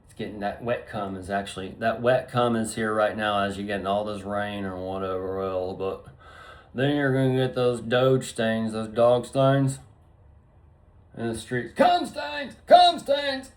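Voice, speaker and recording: A man's voice: fairly low pitch, fairly even intonation, moderate pace. A man rambling through a profane, free-associating solo monologue to his viewers. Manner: profane, stream-of-consciousness wordplay. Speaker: vlogger.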